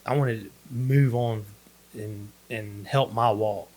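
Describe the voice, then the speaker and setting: A man's voice: on the low side, fairly even intonation, takes it slowly, a little mellow. A man telling his faith story as a guest in a casual chat, laid-back and acting out the lines of others. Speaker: podcast guest.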